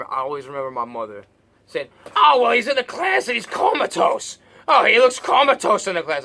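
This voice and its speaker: A man's voice: medium pitch, pushed and bright. A man telling his own story in a rambling, blunt way, with many restarts and fillers and casual swearing. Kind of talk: personal monologue.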